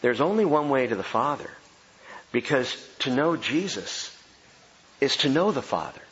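A man preaching a sermon as pastor, emphatic and animated, repeating key phrases for effect. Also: mid-range voice, moderate pace. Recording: dull sound with long hall reverb.

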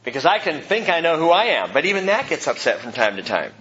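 A man preaching a sermon, moving between hushed, quiet phrases and emphatic bursts, with the odd joke along the way. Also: a little high, very animated, fast talker. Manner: dramatic, swings from soft hush to emphatic; jokey asides amid preaching. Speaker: pastor. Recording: slightly dull lo-fi recording with faint noise.

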